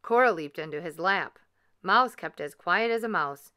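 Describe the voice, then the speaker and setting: A woman gently and expressively reading a children's story aloud. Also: fairly low pitch, lively intonation, moderate pace, smooth.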